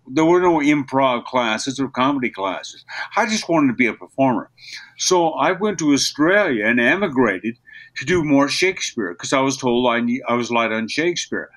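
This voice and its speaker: Animated older male voice actor. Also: mid-range voice. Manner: animated storyteller, slips into character voices. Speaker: voice actor guest. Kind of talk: interview conversation.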